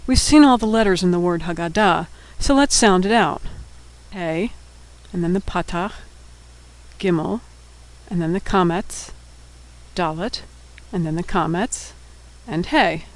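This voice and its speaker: A man's voice: high voice, unhurried, rough recording. A man teaching a Hebrew alphabet lesson, patiently sounding out words syllable by syllable.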